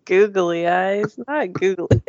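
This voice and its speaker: A woman's voice: fairly low pitch, fairly even intonation, takes it slowly, a little mellow, no room sound, highs cut off. A woman co-hosting a podcast, casual and laid-back, with short replies and some swearing. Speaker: podcast co-host. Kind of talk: casual chat.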